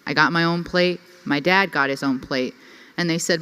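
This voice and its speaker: Bright-voiced young woman speaking in a hall. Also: deep voice, moderate pace, smooth. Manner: lively, chatty, filler-heavy with frequent "like". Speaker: conference speaker. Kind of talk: personal storytelling to a live audience. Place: conference hall. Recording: reverberant hall.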